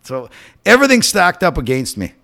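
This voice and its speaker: Fast-talking profane podcast storyteller man. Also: fairly high pitch, gravelly. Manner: profane, rambling, animated storytelling. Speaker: podcast host. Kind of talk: casual storytelling chat.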